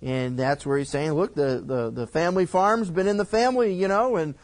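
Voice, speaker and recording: A man's voice: fairly high pitch, brisk. Conversational male pastor teaching scripture. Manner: conversational, explains with asides. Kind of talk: verse-by-verse Bible teaching.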